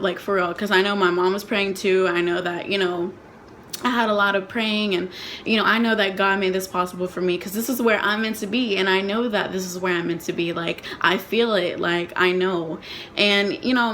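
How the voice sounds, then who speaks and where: A woman's voice: mid-range voice, fairly bright tone, slight background noise. A young woman and nursing student telling an emotional personal story in a casual vlog, rambling and saying "like" constantly. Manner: rambling, emotional, heavy use of "like". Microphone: phone.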